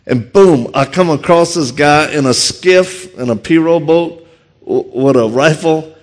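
A man from Louisiana with a Louisiana accent, telling funny self-deprecating stories quickly and with energy to an audience from a stage. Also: fairly high pitch. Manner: fast, animated, self-deprecating. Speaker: martial arts instructor and speaker. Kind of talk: humorous storytelling talk.

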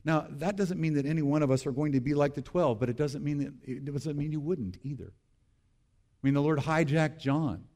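A man's voice: a little high, normal speed, dark tone. A male pastor preaching a sermon, repeating key phrases and calling on the congregation to respond.

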